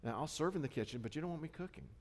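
A man's voice: fairly high pitch, expressive, rapid-fire, a little mellow. A male pastor preaching a sermon in a conversational, self-deprecating way, often checking in with the congregation. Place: church sanctuary. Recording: long church hall reverb.

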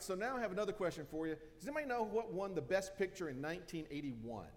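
A man's voice: on the high side, in a large hall. A man preaching a casual, joking sermon in a church, with frequent fillers and restarts. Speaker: pastor. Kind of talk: conversational sermon. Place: church sanctuary.

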